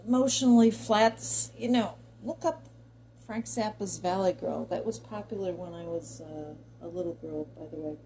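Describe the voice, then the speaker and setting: Middle-aged american woman ranting to camera, mellow low-key tone, wanders off topic, little bit of room hum behind her. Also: normal speed, low-quality recording. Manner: chatty and digressive, talks directly to viewers. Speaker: commentary vlogger. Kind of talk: opinion monologue to camera.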